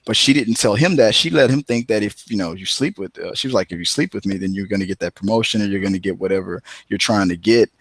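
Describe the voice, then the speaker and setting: A man co-hosting a casual movie talk show, rambling and retelling scenes with animated quoted voices. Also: fairly low pitch, fast, hardly any pauses, slightly rough, dry recording. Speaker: podcast co-host.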